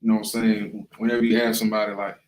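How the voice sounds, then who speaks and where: A man's voice: lowish voice, flat delivery, rapid-fire, reverberant, slight background noise, low-quality recording. A man leading a casual Bible class, talking loosely and often checking in with the listener. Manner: conversational, often asks "right?" and "you know what I'm saying?". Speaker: class leader.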